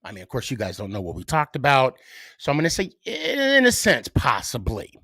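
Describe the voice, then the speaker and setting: A middle-aged man hosting a solo podcast, giving his views in a halting way, full of fillers and restarts. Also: medium pitch, wildly swooping pitch, bright, forceful tone, no room sound, clean studio sound. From United States. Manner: hesitant, many fillers and restarts. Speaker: podcast host.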